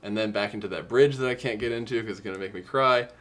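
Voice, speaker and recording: Young man, low voice, earnest music-podcast co-host, heartfelt chat. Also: quick pace, a bit bright. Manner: earnest, emotional, quotes lyrics. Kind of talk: casual music discussion.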